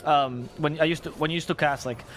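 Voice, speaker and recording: A man, an esports caster, chatting on a panel and telling stories in a fast, animated way. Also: a little high, slight background noise. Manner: fast, animated storytelling, swears and laughs often. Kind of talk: casual panel chat.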